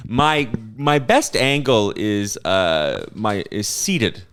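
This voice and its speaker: A man co-hosting a comedy podcast, cracking deadpan jokes in casual chat. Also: on the low side, slow pace, clean tone, soft background music. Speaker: co-host.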